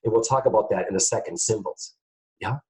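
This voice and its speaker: A man teaching psychic mediumship to camera in a casual, animated way, often checking in with his viewers. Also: on the low side, fairly quick, rough recording. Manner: animated, keeps checking in with "guys, okay?".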